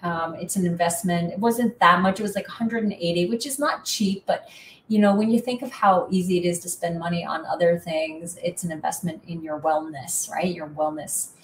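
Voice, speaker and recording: This middle-aged Canadian woman hosts in a casual, rambling, chatty way, with a self-deprecating streak. Her lowish voice moves fairly quickly. She's off-mic in an echoey room, with a distant sound and a little hiss or hum.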